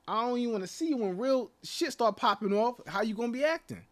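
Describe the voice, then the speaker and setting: A man's voice: extremely high pitch, expressive, fast. A man talking casually to camera as a channel host, rambling with lots of "like" and "you know" and mocking rhetorical questions. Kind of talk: casual opinion rant to camera.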